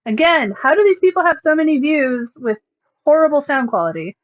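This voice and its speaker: A woman's voice: high voice, very animated, fairly quick, muffled recording. A woman livestreamer chatting casually, rambling with sarcastic, self-mocking asides.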